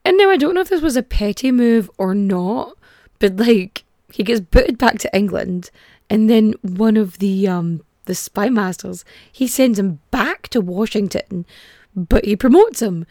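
A woman's voice: medium pitch, animated, measured pace, warm tone, dry recording, studio quality. A woman hosting a casual comic history podcast, chatty and irreverent, with frequent swearing and filler words. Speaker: podcast host.

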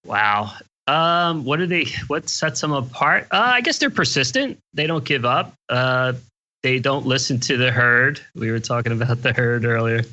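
A man's voice: mid-range voice, animated, normal speed, pushed and bright, dull audio. An older man, a guest investor on a podcast, answering questions in an easygoing, plain-spoken way. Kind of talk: casual interview chat.

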